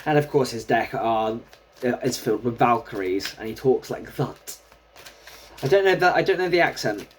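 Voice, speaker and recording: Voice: mid-range voice, expressive, normal speed, a little hiss or hum. A tarot reader giving a casual solo reading, chatting and thinking aloud while drawing cards.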